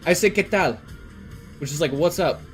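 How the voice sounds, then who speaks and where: Over background music, a young man from Canada chats casually on stream at a normal pace. His fairly high voice wanders from point to point, heavy with filler words and profanity.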